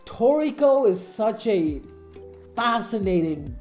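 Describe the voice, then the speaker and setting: A woman giving casual anime commentary, excitable and emotional, swearing freely. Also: medium pitch, takes it slowly. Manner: excitable, profane, emotional fan talk. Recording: echoey room, faint music.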